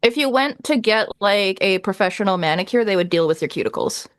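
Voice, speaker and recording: A woman's voice: medium pitch, animated, a little fast, no room sound, studio quality. A woman co-hosting a livestream in casual chat, matter-of-fact and wry. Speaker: livestream co-host.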